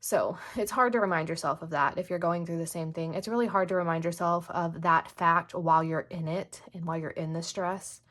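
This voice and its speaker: A woman's voice: lowish voice, a little fast, few pauses, a bit bright. A young woman, chatting casually in a home planner vlog, rambling with lots of "like" fillers. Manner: rambling, filler-heavy with frequent "like". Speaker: planner vlogger and mom. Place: home desk.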